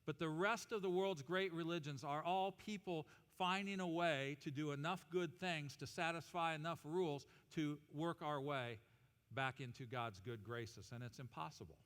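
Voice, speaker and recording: Brief: energetic male pastor, jokey sermon, high bright voice, big church reverb. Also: normal speed, smooth. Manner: animated, humorous, leads congregation in call-and-response. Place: church auditorium.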